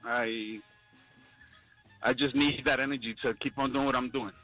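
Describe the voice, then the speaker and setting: Bright upbeat male caller. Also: medium pitch, steady tone, moderate pace, faint music behind, low-quality recording. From the Bronx, New York. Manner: upbeat, short plain answers. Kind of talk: casual radio call.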